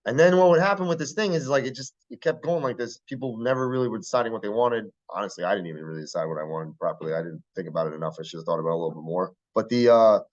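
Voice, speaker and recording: A man's voice: fairly low pitch, very fast, hardly any pauses, muffled recording. A man giving a casual classroom lecture, blunt and profane, who keeps checking whether the class understands.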